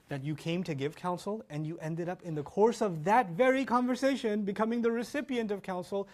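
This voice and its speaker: A middle-aged man giving an animated religious lecture, acting out quoted exchanges as he goes. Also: on the high side. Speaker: Islamic lecturer.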